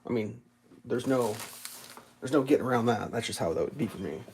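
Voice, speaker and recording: A man's voice: mid-range voice, animated, a little fast, very noisy. A young adult man chatting casually on a livestream, telling rambling, profane stories and acting out quoted voices. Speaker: livestream host. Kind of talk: casual live-stream chat.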